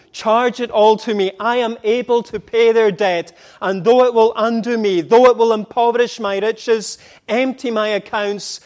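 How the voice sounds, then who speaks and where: Man, high-pitched voice, preacher, dramatic sermon, voices scripture as dialogue, swings from impassioned to hushed.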